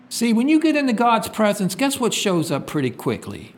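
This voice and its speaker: A man's voice: wildly swooping pitch, moderate pace, hardly any pauses, slight background noise. A man preaching a sermon, reading scripture aloud and asking his listeners to fill in the words. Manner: call-and-response questions, reads scripture aloud; swings from loud emphatic peaks to quiet low drops.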